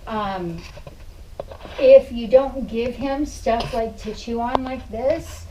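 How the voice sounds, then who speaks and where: A woman's voice: fairly high pitch, takes it slowly, recorded from a distance, noisy background. A woman dog trainer explaining puppy care to a client in a patient, explanatory way, often cooing praise at the dog. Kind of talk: hands-on training lesson.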